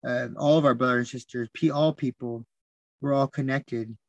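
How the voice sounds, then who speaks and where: A man talking as a podcast guest, telling stories in a soft, reflective way, repeating words and restarting often. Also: medium pitch, fairly even intonation, normal speed, no room sound, muffled recording. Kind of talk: reflective storytelling.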